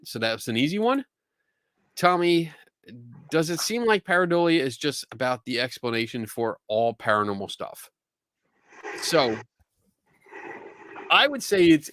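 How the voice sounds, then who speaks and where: Male host, Philly accent, loose and profane, chatting on a live stream, mid-pitched voice. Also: fairly bright tone, no room sound, studio quality. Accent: Philadelphia. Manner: chatty, laughs and swears freely. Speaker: podcast host. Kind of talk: casual livestream chat.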